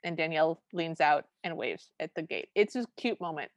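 A woman's voice: sits low, animated, moderate pace, dry recording, dull audio. A woman co-hosting a podcast, recapping a favorite film in an enthusiastic, chatty way. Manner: chatty, enthusiastic, recounting scenes. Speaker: podcast co-host. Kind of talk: casual movie recap chat.

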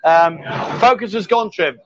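Male host, cheeky teasing banter, higher voice, dull lo-fi stream sound. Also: unhurried, a bit bright, a little hiss or hum. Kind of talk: live-stream bar chat. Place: bar.

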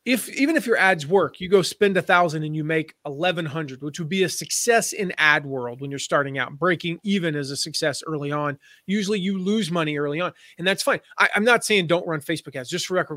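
A man's voice: a little high, bright, forceful tone, dry recording. Chatty man with a dry, close sound. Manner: chatty storyteller, slips into playful put-on voices. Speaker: guest, affiliate marketing expert. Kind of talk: conversational podcast interview.

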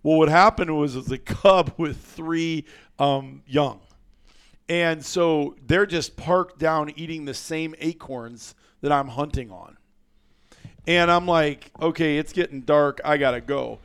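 A man telling a story as a guest on a podcast, in a lively, colorful way with some mild cursing. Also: on the high side, slow pace, smooth. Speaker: guest hunter.

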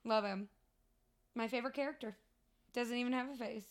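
Woman, podcast co-host, fairly high voice, expressive, laughs a lot, salty language, casual chat. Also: a little fast. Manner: animated and expressive, swears freely, laughs often.

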